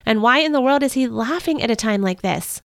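A woman's voice: a little high, fairly quick, vocal fry, dry recording, studio quality. Earnest woman narrating a Bible story. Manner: earnest and expressive. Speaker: podcast host and storyteller. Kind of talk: first-person scripted Bible story narration.

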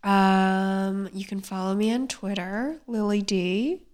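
A woman's voice: mid-range voice, steady tone, slow, a little mellow, clean tone. A young woman on a casual podcast, reading her old fan fiction aloud and poking fun at it, laughing often and filling her talk with "like". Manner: self-mocking, laughs often, many fillers. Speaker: guest comedian and writer.

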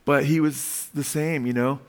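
A man's voice: medium pitch, fairly even intonation, unhurried. A man preaching a sermon, emphatic and heartfelt, often tagging lines with "amen?" and "you know", and stumbling over repeated words when moved. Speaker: pastor.

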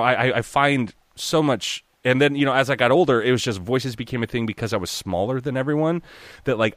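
A man's voice: lowish voice, a bit bright, no echo. A man in his thirties chatting casually, rambling with many fillers, swearing and restarts, slipping into impressions. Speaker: podcast guest or co-host, dungeon master. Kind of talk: casual chat.

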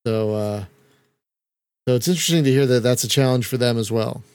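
A man's voice: mid-range voice, a little fast, a little mellow, clear, resonant tone, no echo, clean studio sound. A man hosting a casual game stream, rambling and restarting his sentences as he talks. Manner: rambling with restarts, laughs often. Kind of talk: casual chat while playing a game.

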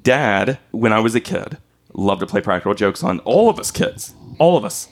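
Guy in his 40s hosting a podcast, animated, acts out the quotes and laughs a lot. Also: fairly low pitch, moderate pace. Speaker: podcast host. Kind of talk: casual conversation.

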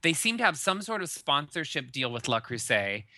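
A man co-hosting a podcast, his voice bright and forward, recorded close and dry with no room sound. He chats in an animated way and keeps restarting his sentences. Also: fairly high pitch, moderate pace, no room sound. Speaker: podcast co-host. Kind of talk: casual chat.

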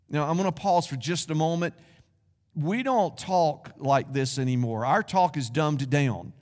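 A man's voice: on the high side, expressive, moderate pace, in a large hall. A man preaching a sermon as pastor, speaking in a conversational way with folksy asides. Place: church sanctuary.

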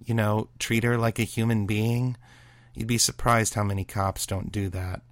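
Man doing brisk woman detective, blunt, quick, raised voice, dry close sound. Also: fairly low pitch, fairly even intonation, no room sound, close to an everyday voice. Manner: brisk and exasperated. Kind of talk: audiobook reading of a serial story.

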